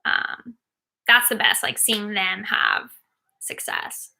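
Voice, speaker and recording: A woman's voice: mid-range voice, big pitch swings, slow, gravelly, sharp tone. A woman in her thirties, a sports agent, casually answering viewer questions while watching a game, with many ums and likes.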